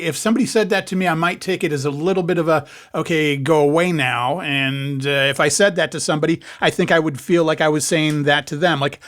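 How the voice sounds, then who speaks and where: A man's voice: on the high side, a bit bright. An Australian man co-hosting a podcast with dry, self-deprecating humor. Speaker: podcast co-host. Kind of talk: casual chat.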